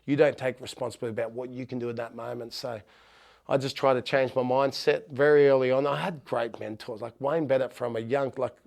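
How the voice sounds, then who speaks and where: A man's voice: medium pitch, fairly even intonation, brisk, vocal fry, a little mellow. A middle-aged Australian man, a former rugby league player, telling heartfelt stories in a podcast interview with frequent restarts.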